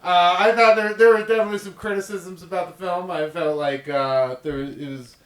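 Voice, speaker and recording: Young man, rambling ranty podcast host, higher voice, echoey room. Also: fairly even intonation, fairly quick, a bit bright. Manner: ranty, rambling, laughs often. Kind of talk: casual podcast banter. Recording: roomy echo.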